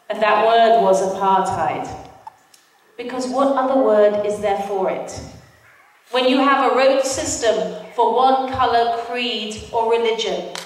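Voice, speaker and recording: A British woman giving a personal testimony talk as guest speaker, a lively storyteller who acts out the voices of the people in it. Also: a little high. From Britain. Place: large hall, mosque event. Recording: echoey hall from far off.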